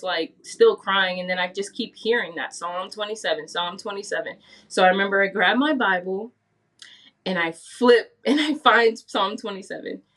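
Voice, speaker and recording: Woman, chatty testimony, mid pitch, acts out her own words, a little distant from the mic. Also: a bit bright. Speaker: guest giving a faith testimony. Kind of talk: casual spoken testimony.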